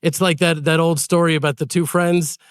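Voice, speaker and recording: A man co-hosting a podcast, an earnest and animated storyteller in casual chat. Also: on the high side, a little fast, clear, resonant tone, no room sound, studio quality. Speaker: podcast co-host.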